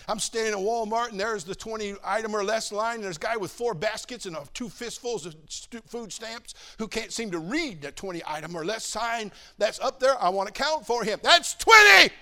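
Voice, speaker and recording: An older man preaching a sermon as pastor, swinging between loud fervor and quiet storytelling. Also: sits high.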